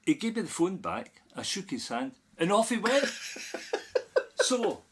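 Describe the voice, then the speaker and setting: A man's voice: sits high, unhurried. Scottish guy on a podcast, middle-aged, chatty storyteller, laughs through his anecdotes. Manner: animated storyteller, laughs while telling anecdotes. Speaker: podcast guest. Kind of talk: casual storytelling chat.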